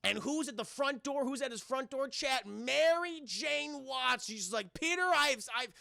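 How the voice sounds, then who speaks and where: A man recounting a cartoon episode to his live chat in a casual, animated, profane way. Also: extremely high pitch, a little slow, gravelly, no room sound, studio quality. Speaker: streamer and reviewer.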